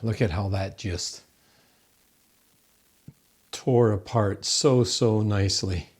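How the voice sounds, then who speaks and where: A man's voice: on the low side, slow, darkish tone, a little hiss or hum. A man hosting a home cooking show from his kitchen, gushing over the food and talking to viewers as folks.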